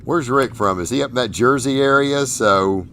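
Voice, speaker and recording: A man's voice: mid-range voice, normal speed, pushed and bright, slight background noise. A Southern American man hosting a casual interview, talking in a folksy, rambling way and often repeating his words. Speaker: host.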